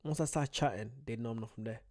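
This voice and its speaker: Talking fast in a warm, mellow, medium-pitched voice, a young Irish streamer rambles casually on his livestream. He reads out viewers' comments and pokes fun at himself.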